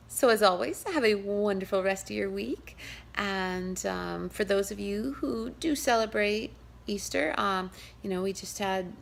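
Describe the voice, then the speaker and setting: A woman's voice: medium pitch, vocal fry, a bit bright, slight background noise. A woman with a New York accent hosting a pagan channel, chatting in a rambling, casual vlog style and laughing often.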